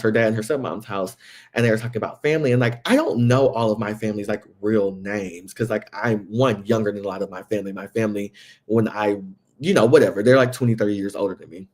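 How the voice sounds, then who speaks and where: A young man hosts a casual reality TV recap. His voice sits on the low side, and he talks in a chatty, animated way, leaping up in pitch whenever he quotes someone. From Southeast Texas. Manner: chatty, animated, jumps to high acted quotes. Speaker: podcast host.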